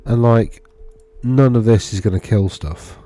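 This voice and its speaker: With no room sound, a man's mid-range, dark-toned voice moves at a measured pace. The wargaming video host casually covers tournament data on his screen in screen-share commentary, rambling and self-correcting as he thinks aloud.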